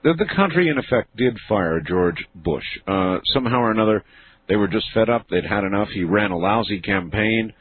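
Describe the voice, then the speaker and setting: A man's voice: fairly low pitch, expressive, normal speed, slight background noise. A man hosting a late-night radio interview, making dry quips and laughing easily. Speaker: radio host. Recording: narrow, phone-like broadcast sound.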